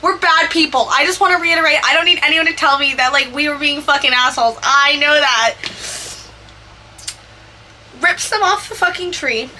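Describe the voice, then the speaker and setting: A woman's voice: high voice, pushed and bright, slight background noise. A young woman telling a chatty, profane story over a video game build. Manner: chatty, profane, quick asides. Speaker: Sims builder and vlogger.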